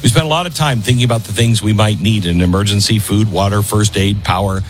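A man's voice: lowish voice, fast, faint music behind. Talk show host, middle-aged man. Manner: conversational, self-interrupting, with fillers. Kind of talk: talk radio monologue and ad read.

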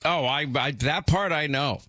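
New York talk radio host, dry studio. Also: male voice, a little high, a little slow, sharp tone, dry recording. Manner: teasing, playful. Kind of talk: casual radio banter. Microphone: studio microphone.

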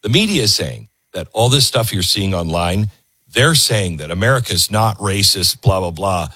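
A male host with a husky, low voice that rises and falls with lively emphasis as he talks over clips. The sound is close and dry, with no room around it. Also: moderate pace, no room sound. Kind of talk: commentary on video clips.

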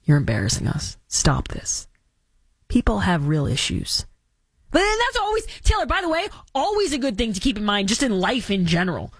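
Sarcastic radio host woman, lively pitch. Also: fairly quick, breathy edge, no room sound. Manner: sarcastic, mock-dramatic. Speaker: radio talk show host. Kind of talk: casual opinionated chat.

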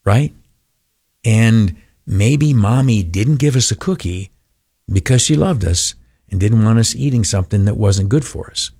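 A man's voice: lowish voice, lively intonation, measured pace, dark tone, breathy edge, no echo, studio quality. An older man giving an informal devotional talk in a folksy, rambling way with many fillers.

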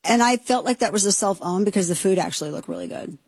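A middle-aged woman hosting a political talk radio show, sarcastic and indignant in rapid-fire bursts. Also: medium pitch, expressive, a little mellow, slightly rough, no echo.

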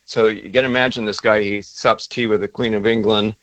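A man speaking as a guest author in a casual interview, halting, with many fillers and restarts. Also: on the low side, steady tone, fairly bright tone, no room sound, highs cut off.

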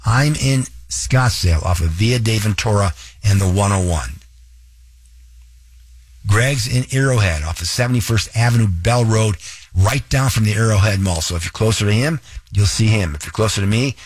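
A man hosting a radio talk show, coaching listeners directly and spelling out details slowly. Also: on the low side, animated, slightly rough, no room sound.

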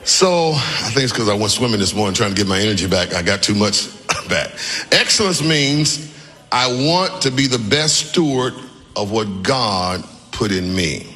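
A man preaching a sermon as pastor, calling on the congregation to answer back and shouting his key lines. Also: on the low side, animated, normal speed, in a large hall. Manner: call-and-response preaching, often shouting emphatic lines. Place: church sanctuary with congregation.

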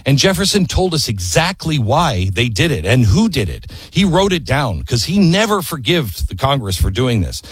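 Male history storyteller, husky, lively delivery, passionate and emphatic, dry close sound. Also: mid-range voice, no room sound. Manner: impassioned, emphatic, rhetorical questions. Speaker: history commentator.

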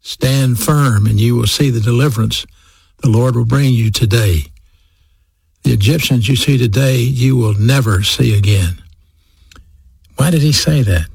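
Male preacher, gravelly and raspy, emphatic sermon delivery with slow repeated phrases, dry close sound. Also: mid-range voice, a little mellow, no echo.

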